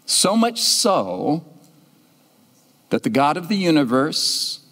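Lively preaching man in an echoing church. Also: fairly high pitch, slow pace. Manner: animated, acts out the people in his story. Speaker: pastor. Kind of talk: sermon storytelling. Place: church sanctuary. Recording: long church-hall reverb.

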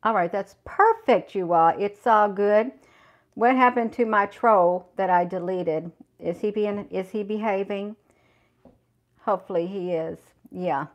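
Out in the woods, a middle-aged woman hosting a relaxed livestream chats with viewers and reads aloud, frequently saying "you all." She speaks a little slowly at medium pitch, and her corded clip-on mic leaves the highs cut off.

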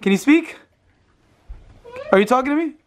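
A man's voice: very high voice, lively intonation, normal speed, slight background noise. A young man in his twenties, playfully teasing kids while filming a casual prank vlog. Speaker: vlogger.

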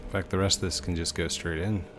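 Deep-voiced man rambling over gameplay. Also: level tone, quick pace, music in the background. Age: 30s. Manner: rambling, chatty, talks to the game objects. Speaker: let's play host. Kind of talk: casual gameplay commentary.

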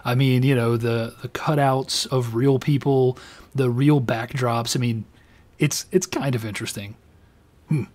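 A man's voice: mid-range voice, fairly even intonation, a little slow, darkish tone. A tipsy man giving rambling, self-mocking let's play commentary. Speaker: game commentator.

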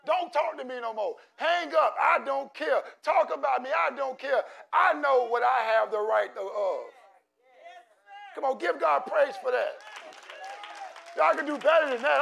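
High-pitched shouting preacher with gravelly voice. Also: male voice, a little hiss or hum. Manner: preaching with shouted, call-and-response exhortation. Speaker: pastor. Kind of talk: sermon. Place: church sanctuary. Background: congregation in a church.

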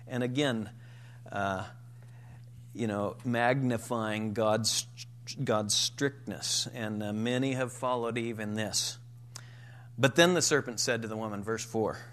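A man's voice: mid-range voice, fairly bright tone. A man preaching a sermon in a church, reading scripture and stressing his points with rising force. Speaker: pastor.

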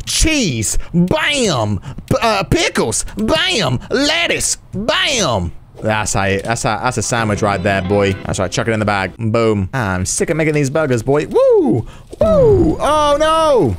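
Excitable, swearing man playing a game. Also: mid-range voice. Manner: excitable, swearing, yelling reactions. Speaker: gaming video host. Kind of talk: let's play commentary.

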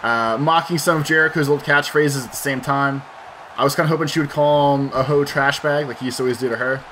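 A man's voice: mid-range voice, steady tone, quick pace, bright, forceful tone, slight background noise. A man hosting a let's play, chatting casually and profanely while he plays, thinking aloud as he rambles. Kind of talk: casual commentary while gaming.

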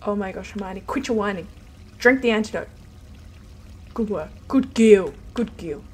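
A woman hosting a let's play video, commenting on her game in an excitable, panicky way with repeated exclamations. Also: mid-range voice, moderate pace, slightly rough. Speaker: gameplay host.

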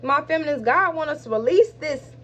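In a high voice with lively intonation, a tarot reader gives a spiritual reading directly to her viewers. Her delivery is emphatic, lingering on key words between quicker side remarks.

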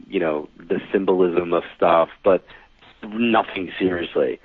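A man's voice: sits low, unhurried, husky, no room sound. A man in his forties from New York, a psychic medium telling stories as a guest and acting out the dialogue. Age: 40s. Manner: animated storyteller who acts out quoted dialogue. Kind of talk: casual storytelling interview. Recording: dry, tinny phone-like line.

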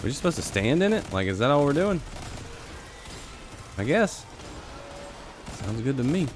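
A man giving casual live commentary on his own gameplay, talking to himself and his viewers and jumping into high excited yelps. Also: moderate pace, noisy background. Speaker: game streamer.

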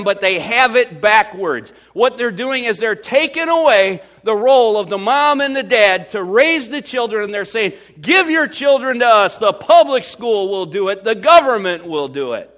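A Midwestern American man preaching a sermon as pastor, swinging from loud to hushed. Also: high voice.

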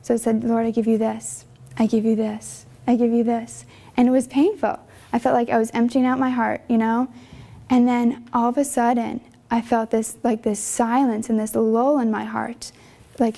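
A young religious sister recounts her calling, earnest and emotional, stumbling through little fillers as she goes. Her voice sits a bit high yet sounds mellow, with a gravelly edge. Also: level tone, moderate pace. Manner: earnest, conversational, many fillers; emotional storytelling. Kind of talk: personal vocation testimony.

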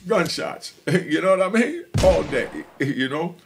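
A man's voice: on the high side, expressive, measured pace, over music. A middle-aged man telling his personal story as a podcast guest, emphatic and streetwise, speaking straight to his listeners.

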